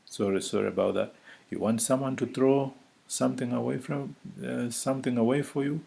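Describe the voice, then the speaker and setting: A man teaching a vocabulary lesson, saying each word slowly and repeating it several times for the listener. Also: mid-range voice, steady tone, gravelly, warm tone. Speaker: language teacher. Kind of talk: slow spoken vocabulary lesson.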